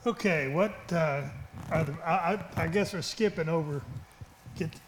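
A man on a ministry team reading the next training questions aloud in a slow, plain way. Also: on the high side, slight background noise. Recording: roomy, distant from the mic.

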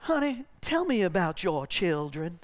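A man voicing a calm, motherly elderly woman who ministers in prayer. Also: lowish voice, measured pace. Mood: calm coaxing. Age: 80s. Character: gentle elderly Southern belle prayer minister.

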